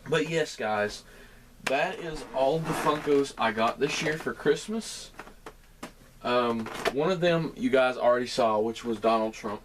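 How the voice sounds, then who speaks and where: This young man from the Southern United States speaks at medium pitch and a slightly slow pace, with a Southern American accent. A collectibles vlogger, he rambles in a friendly way to viewers about his holiday toy haul. A faint hiss or hum sits under the audio.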